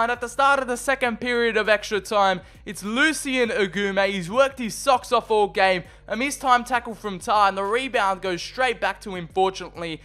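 A young man commentating on his own football video game match, shifting from calm play-by-play to loud excited shouts. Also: sits high, normal speed, few pauses, clear, resonant tone. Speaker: gaming video creator. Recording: faint background music.

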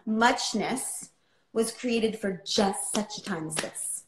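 A woman's voice: mid-range voice, slow pace, roomy sound, noisy background. A woman author telling a personal story in a livestream chat, impassioned and often asking "right?". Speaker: author guest.

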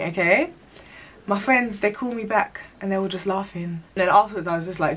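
A woman's voice: medium pitch, a little fast. Slangy woman telling a story. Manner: animated, slangy, self-mocking. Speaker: vlogger. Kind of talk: storytime monologue.

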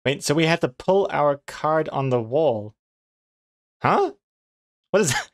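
In an animated, slightly high voice and an unhurried pace, a comic artist chats on his drawing stream. He muses out loud, answers chat while chuckling easily, and teases pronunciation playfully.

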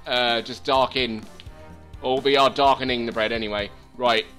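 A man giving let's play commentary, excitable and swearing as he talks to the game. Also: medium pitch, normal speed, soft background music. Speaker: gaming channel host.

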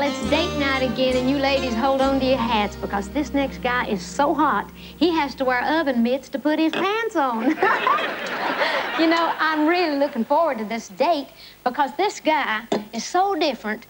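A woman from Tennessee, hosting a TV comedy sketch with teasing, playful quips. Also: high-pitched. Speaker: host. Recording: hissy, clicky old TV broadcast.

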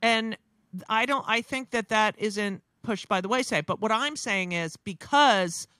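A woman's voice: mid-range voice, a little slow, pushed and bright, clean tone, no echo, studio quality. A woman, a comedian talking bluntly and profanely in casual chat, with many restarts. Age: 60s. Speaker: comedian guest.

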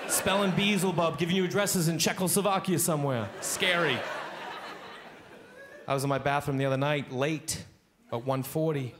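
A man doing a stand-up comedy set on a club stage, animated and jumping into high-pitched acted voices, with a handheld stage mic. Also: moderate pace. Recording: live club recording with audience noise. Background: audience laughter.

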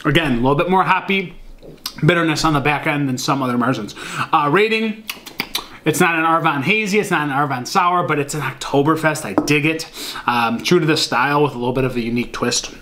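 A man's voice: a little high, fairly quick, sharp tone, slight background noise. A man casually reviewing a beer at home, talking to viewers with lots of fillers and a rambling manner. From Michigan. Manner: rambling, many fillers, addresses viewers as guys.

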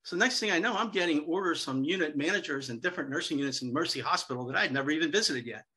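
A middle-aged man speaking as a seminar guest, telling lively anecdotes about selling to hospitals and acting out the dialogue. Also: on the high side, rapid-fire, slightly rough. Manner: lively storyteller, acts out quoted dialogue.

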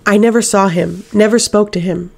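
A broken, possessed man pleading in a soft, hollow voice, gasping out words higher than the narration, as in a storybook read aloud, with a woman doing him. A slight gravel runs under the voice. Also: fairly even intonation, moderate pace. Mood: desperate. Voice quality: empty and soft.

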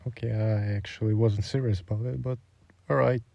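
A man's voice: lowish voice, steady tone, fairly quick, creaky, no echo, dull audio. A man reading a sponsor spot in a casual, rambling way. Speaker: channel host. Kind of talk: sponsor read.

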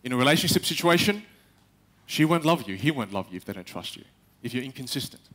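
Animated man speaking on a stage. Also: mid-range voice, fast talker. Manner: animated, acts out quotes, addresses the audience directly. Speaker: speaker giving a stage talk. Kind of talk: live stage talk. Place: stage in a large hall with a live audience.

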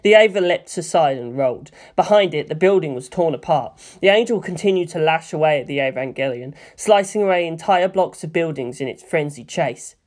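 A man narrating a fan fiction story in a steady, measured reading. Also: a little high. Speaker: fanfiction reader. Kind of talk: scripted narration.

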